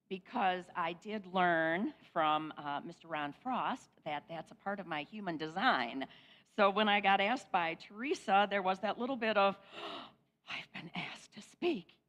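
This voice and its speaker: A woman's voice: on the low side, expressive, a little slow, fairly bright tone. Bubbly woman guest speaker, inspirational talk, slightly dull sound. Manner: bubbly, enthusiastic. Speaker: guest speaker at a spiritual center. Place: spiritual center sanctuary.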